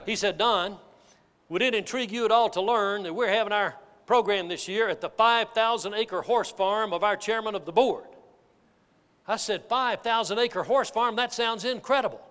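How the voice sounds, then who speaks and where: A man giving a keynote sales speech, telling a folksy, animated story to a live audience. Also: high-pitched, moderate pace. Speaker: motivational sales speaker. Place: large hall with an audience. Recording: reverberant hall.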